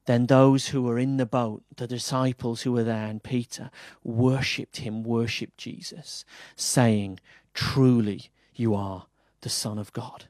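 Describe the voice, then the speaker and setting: A man with an English accent preaching a sermon, earnest, moving between firm emphasis and soft quiet lines. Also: mid-range voice, steady tone, measured pace, no echo. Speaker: pastor.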